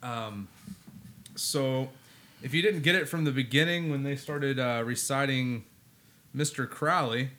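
A man's voice: medium pitch, measured pace, pauses often, sharp tone, slight background noise. A man co-hosting a casual podcast, talking in a laid-back, rambling way with plenty of fillers. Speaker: podcast co-host.

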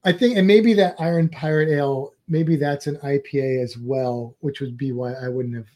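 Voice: mid-range voice, normal speed, a little mellow. A travel vlogger in casual chat, rambling and chatty with playful asides.

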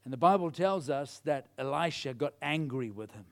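A man's voice: on the high side, moderate pace. A man preaching a sermon, retelling a Bible story and acting out the characters' lines. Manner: animated storytelling, acts out the characters.

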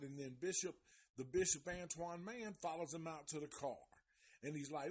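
At a moderate pace, a husky man with a fairly high pitch hosts a live review of a documentary series. He animatedly recounts a story with exaggerated impressions of those involved, his loose delivery full of slang and heavy cursing.

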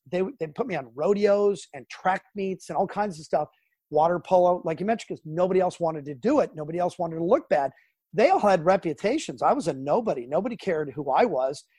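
Animated, high-voiced man telling stories. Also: brisk, slightly rough, no room sound. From Southern California. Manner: animated storyteller, acts out quotes and sounds. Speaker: sports broadcaster, guest. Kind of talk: storytelling interview.

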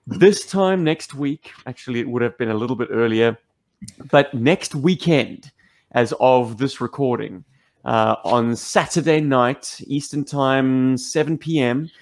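A man hosting a podcast, talking casually and then making measured announcements. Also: medium pitch. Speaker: podcast host.

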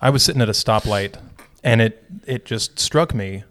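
A man with a low voice talks casually as the podcast co-host who leads the week's Bible study. He jokes dryly and restarts his sentences often. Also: moderate pace. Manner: relaxed, dry joking, self-correcting restarts. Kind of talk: casual chat.

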